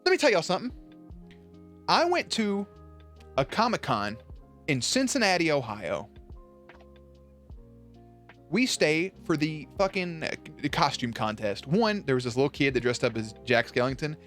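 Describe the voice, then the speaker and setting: A man chatting casually on a live stream, animated and profane, with sudden jumps up in pitch. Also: normal speed, long pauses, faint music behind.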